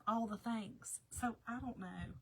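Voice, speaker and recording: A woman's voice: fairly high pitch, measured pace, slight background noise. A woman with a Southern American accent, chatting casually with viewers on a craft livestream while she works, laughing often and greeting people by name. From Southern United States.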